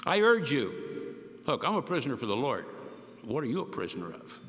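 An older man preaching a folksy, joking sermon with slow, emphatic stresses. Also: medium pitch, sing-song, a bit bright, slight background noise. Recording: long hall reverb.

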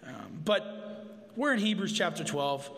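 Male preacher, slightly high voice, casual conversational delivery with jokey asides, long church reverb. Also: sing-song, measured pace, gravelly, fairly bright tone. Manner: informal, with asides and humor. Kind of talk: conversational sermon. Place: church sanctuary.

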